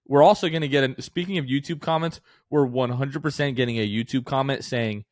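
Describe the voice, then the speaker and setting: A man in his late twenties co-hosts a casual podcast, telling stories with animated quoted voices. His voice sits at a middle pitch and is recorded close and dry. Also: brisk, no room sound. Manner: animated storyteller, acts out quotes. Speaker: podcast co-host. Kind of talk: casual chat.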